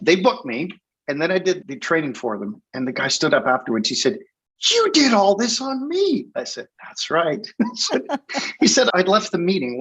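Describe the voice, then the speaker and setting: A man's voice: mid-range voice, a bit bright, breathy edge. An older man from England, a guest hypnotist, telling wry, funny stories in a casual interview and laughing often. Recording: dull lo-fi sound.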